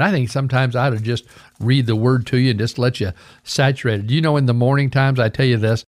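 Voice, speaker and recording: An older man, a radio pastor, giving an earnest sermon and reading scripture aloud, often calling his listeners "folks" and slowing down to stress key words. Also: mid-range voice, darkish tone, no room sound, clean studio sound. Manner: earnest, addresses listeners as folks, slows for emphasis.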